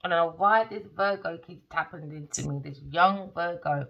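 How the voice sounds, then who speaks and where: Emphatic, gravelly-voiced woman reading tarot. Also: fairly low pitch. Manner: rambling, emphatic, slangy. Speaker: tarot reader. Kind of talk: casual tarot reading monologue. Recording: dull lo-fi recording.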